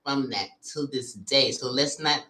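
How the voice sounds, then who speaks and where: A woman's voice: extremely low pitch, a little slow, sharp tone. A woman co-hosting a casual talk show, giving emphatic advice and checking that she is understood. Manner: advising, emphatic, asks "you understand what I'm saying?". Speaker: co-host. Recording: roomy echo.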